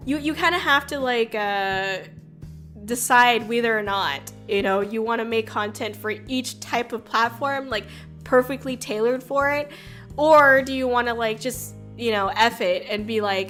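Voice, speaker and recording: Rambling chatty woman, fairly high voice. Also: unhurried, fairly bright tone, faint music behind. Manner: rambling, many fillers and restarts, swears casually. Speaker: VTuber streamer. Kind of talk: casual chat.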